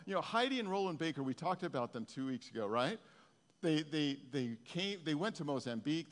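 A male pastor giving a conversational sermon, his intensity swinging from soft to loud. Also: medium pitch, long reverb tail. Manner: conversational preaching, rising and falling in intensity.

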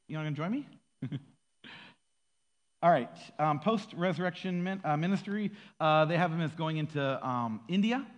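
Casual male preacher, expressive and playful, reverberant hall sound. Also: fairly high pitch, husky. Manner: animated, acts out quoted voices, laughs often. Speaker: pastor. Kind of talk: casual sermon.

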